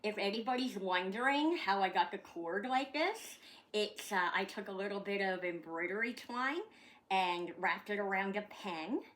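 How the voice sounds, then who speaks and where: A woman's voice: mid-range voice, expressive, moderate pace, a bit bright. A middle-aged woman from Canada, chatting casually at home in a rambling way, swearing now and then. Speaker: vlogger. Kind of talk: casual chat.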